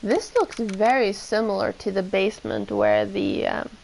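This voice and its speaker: A woman's voice: mid-range voice, huge pitch swings, a little slow, vocal fry, a little mellow, a little hiss or hum, low-quality recording. A woman streamer reading game dialogue aloud and chatting between the lines, in a dramatic, chatty way.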